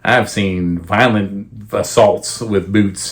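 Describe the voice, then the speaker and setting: A man's voice: on the low side, moderate pace, slight background noise. A young man co-hosting a podcast, telling childhood stories in casual chat, swearing freely and laughing often. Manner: profane, joking, laughs often. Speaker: podcast co-host.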